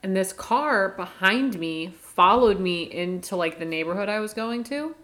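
A woman's voice: medium pitch, animated, a little slow, a bit bright. A woman co-hosting a podcast, telling a story in casual chat and swearing freely. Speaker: podcast co-host.

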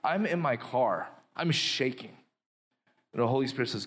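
Male guest minister, mid-pitched, animated storyteller who ends in prayer. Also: normal speed. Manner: animated, quotes his inner dialogue. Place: live podcast before an audience.

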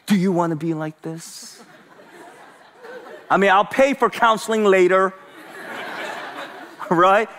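Male pastor, lively conversational preacher who drops to a hush and asks the room to answer back, slightly high voice, echoing church hall. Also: slow, pauses often, a faint crowd, slight background noise. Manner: animated, call-and-response with congregation; conversational, swings from loud to hushed. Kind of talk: sermon.

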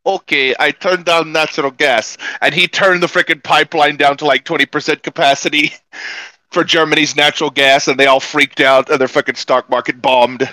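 A man in casual political podcast chat, telling stories in an animated, mocking way with plenty of swearing. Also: a little high, a little fast, no echo, poor audio. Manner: animated storyteller, profane, mocking.

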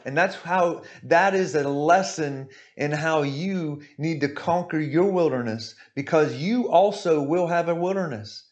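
A man's voice: on the high side, a little slow, few pauses. A male preacher giving an emphatic sermon, repeating his points and often asking "right?".

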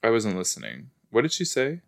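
A man's voice: fairly low pitch, wildly swooping pitch, a little fast, gravelly. A man hosting a podcast, chatting casually and reacting aloud to a show as he watches it, with rambling asides. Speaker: podcast host.

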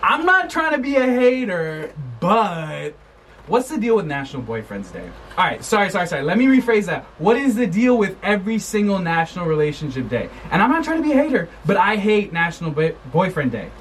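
A man's voice: sits high, big pitch swings, brisk, a bit bright, slight background noise. A young man hosting a student podcast, chatting in a playful, rambling and jokey way. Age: young adult. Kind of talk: casual chat.

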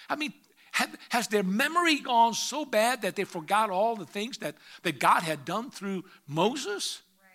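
A man preaching a sermon who reads scripture aloud and swings between quiet asides and loud emphatic rises. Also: sits high, expressive, a little slow. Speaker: pastor.

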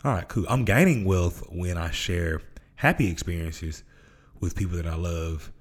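A man's voice: deep voice, normal speed, husky. A man from Memphis, hosting a casual motivational podcast monologue in a laid-back, slangy way. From Memphis, Tennessee. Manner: laid-back, slangy, acts out voices in stories. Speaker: podcast host.

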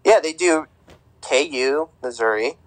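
A man's voice: on the high side, a little slow, no echo, poor audio. A man co-hosting a podcast, chatting casually about sports with lots of fillers and restarts. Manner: rambling, with many fillers and restarts. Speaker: podcast co-host.

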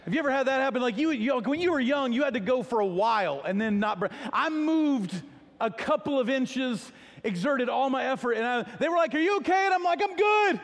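A man's voice: very high voice, lively intonation, brisk, long reverb tail, slight background noise. A male pastor preaching a sermon in a casual storytelling way, with self-deprecating humor.

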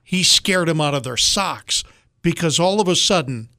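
A man co-hosting a radio show, chatting casually and chiming in with quick remarks. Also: fairly high pitch, animated, pushed and bright, dry recording, studio quality. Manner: quick interjections, conversational. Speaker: radio co-host.

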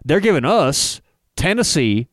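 A man doing an impression of a gruff older football coach with a put-on Southern accent, copying his cadence. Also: fairly high pitch, very animated, a little slow, dry recording, studio quality. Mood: complaining. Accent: Southern American, put on. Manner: mirrors the coach's beats and cadence.

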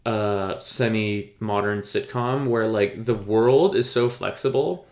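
A man's voice: lowish voice, takes it slowly, a little mellow, echoey room. A man co-hosting a casual podcast chat, rambling and enthusiastic, with lots of fillers. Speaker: podcast co-host.

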